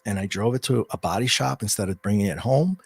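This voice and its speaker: A middle-aged man, a guest coach and author, telling a personal story in a rambling, animated way with frequent restarts. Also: on the low side, quick pace, vocal fry, slightly rough, no room sound. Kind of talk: storytelling in an interview.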